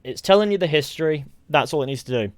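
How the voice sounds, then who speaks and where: A man's voice: on the high side, animated, fast, no room sound. A man with a mixed Mancunian, West Country and Southern English accent, rambling casually through a live stream and answering viewers from a room at home. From England.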